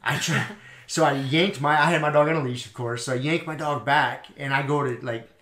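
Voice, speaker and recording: A man hosting a podcast, telling a story in a casual, animated way, swearing and acting out both sides of an argument. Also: mid-range voice, brisk, reverberant. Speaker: podcast host.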